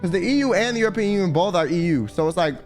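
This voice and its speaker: A man's voice: high-pitched, expressive, rapid-fire. A young American man streaming, arguing with his chat in a profane, combative way. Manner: profane, argumentative, answering chat. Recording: music playing behind.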